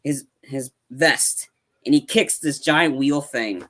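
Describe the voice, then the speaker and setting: Podcast co-host, male, animated scene-by-scene recap, heavy on "like". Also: medium pitch, takes it slowly. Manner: animated retelling, acts out quotes, lots of fillers. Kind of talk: casual movie review chat.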